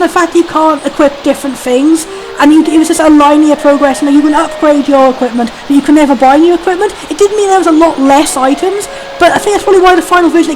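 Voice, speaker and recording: A high-pitched woman hosts a let's play, chatting casually about the video game and comparing it with other versions. The background is noisy, with game music behind her.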